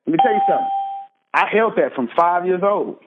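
Heavy background noise surrounds this high, lively, slightly fast voice of a Texan man in his thirties recounting his life story with real emphasis on a phone call. His husky tone sounds tinny on the line, and he keeps dropping in "right?" and "check this out" to keep listeners hooked.

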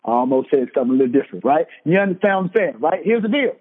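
Man, 30s, motivational speaker: high voice, preachy repetition, thin phone-like audio in a long-echo hall. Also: very animated, rapid-fire, husky. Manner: preachy, emphatic, repeats lines for effect. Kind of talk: motivational speech. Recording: tinny phone-like sound with long hall reverb.

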